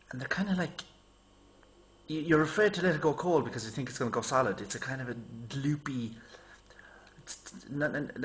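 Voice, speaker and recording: A man talks straight to his camera in a loose, rambling monologue, his voice slightly higher than most men's. He tells stories with lively asides and slips into exaggerated voices when he mimics people. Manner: chatty, animated storytelling, mimics people in raised voice. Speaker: vlogger.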